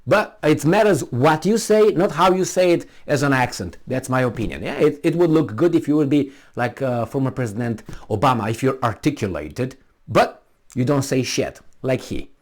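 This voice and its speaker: A non-native English speaker offers his frank opinions in a meandering monologue, frequently starting over and cursing. As a commentator, he talks at a moderate pace in a medium-pitched voice with lively intonation.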